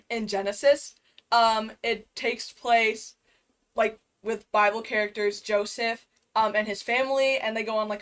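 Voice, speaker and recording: A teenage girl in a school musical answering interview questions, hesitant and full of fillers. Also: on the high side. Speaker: student actor guest.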